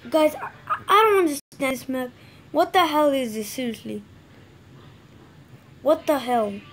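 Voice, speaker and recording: A woman casually commenting on her own gameplay, excitable, swearing and yelling when frustrated. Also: high-pitched, unhurried. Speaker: gamer narrating own play.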